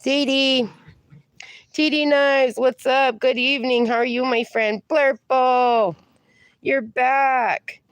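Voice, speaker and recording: A woman's voice: high voice, fairly even intonation, slow, no echo. A woman livestreaming in a casual, chatty way, reading viewer comments aloud and calling viewers darling. She is in some pain and sounds slightly strained. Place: outdoors.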